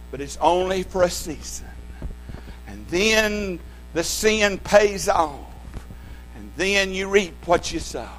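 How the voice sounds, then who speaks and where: A man preaching a sermon, emphatic, swinging between loud declarations and hushed lines, often repeating words as he restarts phrases. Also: fairly high pitch, low-quality recording.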